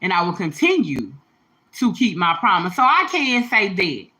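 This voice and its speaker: A woman's voice: medium pitch, very animated, moderate pace, bright, forceful tone. A woman talking casually and emphatically to her viewers on a livestream, a mother speaking with slangy directness and some tears in her voice. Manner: emphatic, heartfelt, slangy, talks straight to viewers. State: a little teary.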